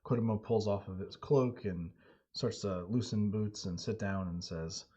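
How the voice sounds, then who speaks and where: A man running and narrating a solo tabletop game on stream, telling the story in a relaxed, halting way. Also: on the low side, breathy edge. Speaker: game master and solo player. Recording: dull lo-fi audio.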